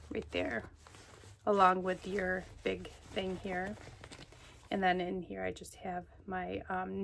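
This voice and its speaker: A woman vlogger with a mid-range, fairly bright voice shows off her things in a casual, gushing show-and-tell chat recorded at home, sounding out of breath and chatty with many fillers. There is slight background noise.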